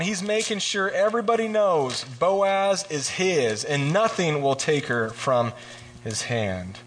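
A man giving a casual, joking sermon, retelling scripture and acting out the characters in quick voices. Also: high voice, fairly bright tone, a little hiss or hum. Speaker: preacher.

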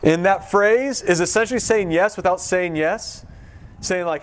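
A man preaching in a relaxed, conversational way, his voice sitting a little higher than most. He works through the text with plenty of restarts and slips into quick acted-out voices when he quotes people. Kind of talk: casual sermon teaching.

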